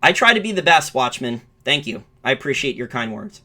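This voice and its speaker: Bright-voiced man rambling on markets. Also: medium pitch, very animated, a little fast. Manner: rambling, restarts and corrects himself. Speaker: finance show host. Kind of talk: live-stream market commentary.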